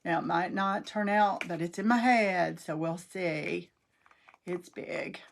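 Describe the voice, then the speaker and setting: A middle-aged woman with a drawl chats through a craft livestream, her voice a little gravelly and fry-tinged. She talks in a homey, folksy way, greeting viewers by name as she works on her project. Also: lowish voice, slow pace, a little hiss or hum.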